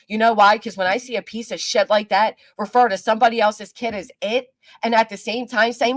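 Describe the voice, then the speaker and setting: Woman streamer on a heated, profane live rant, answering chat, slightly high voice. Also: fairly even intonation, a little fast. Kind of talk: angry livestream rant.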